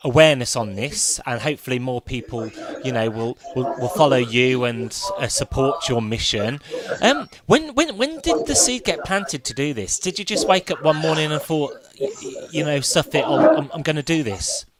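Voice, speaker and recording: A man hosting a breakfast show, interviewing a guest. His pitch rises and falls a lot as he talks, upbeat and chatty. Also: animated, moderate pace, crowd noise. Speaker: show host.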